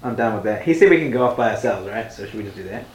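A man playing a tabletop game, chatty and quick to laugh, talking in character with friends. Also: fairly low pitch, lively intonation, slight background noise. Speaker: player. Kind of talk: casual tabletop role-play chat. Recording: echoey room.

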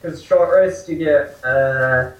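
A man's voice: on the high side, slow pace, distant mic, faint music behind. A man playing a tabletop game, speaking practically and explaining the rules to the others. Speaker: player. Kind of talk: casual tabletop role-play. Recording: echoey room, away from the mic.

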